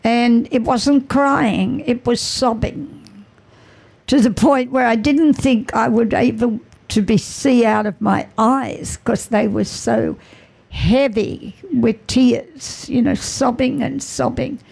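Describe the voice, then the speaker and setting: Slow, gravelly-voiced middle-aged woman. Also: a little high, darkish tone. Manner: halting, repeats phrases, earnest. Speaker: mother giving a faith testimony. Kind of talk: emotional personal testimony.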